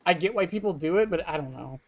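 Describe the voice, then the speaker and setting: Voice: mid-range voice, expressive, fast talker, darkish tone. Blunt, swearing game streamer over faint music. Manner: blunt and offhand, swears freely, answers chat between moves. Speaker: live streamer playing an online horror game. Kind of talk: casual live-stream gameplay commentary.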